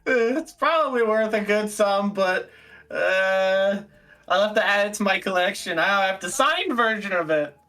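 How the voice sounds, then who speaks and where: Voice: medium pitch, expressive, unhurried, pushed and bright. A player at a tabletop game, giggling often while playing a starstruck young fan. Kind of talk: tabletop role-play, in and out of character.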